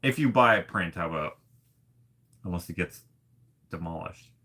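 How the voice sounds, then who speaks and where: Low-pitched and husky, this man's voice is expressive, pushed, and bright, moving at normal speed. He's an artist vlogging to camera, wandering through a casual chat with self-deprecating humor and frequent laughter.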